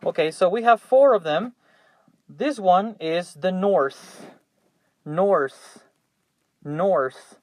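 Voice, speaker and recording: A young Mexican man whose voice sits high speaks slowly and expressively while running a classroom vocabulary drill. He patiently repeats each English word three times for students, with no echo in the recording.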